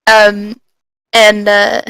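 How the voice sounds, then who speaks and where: A woman's voice: mid-range voice, monotone, very slow, a bit bright, clean tone, no echo, poor audio. A woman playing a tabletop game, hesitant and full of ums. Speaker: player. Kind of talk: casual tabletop play.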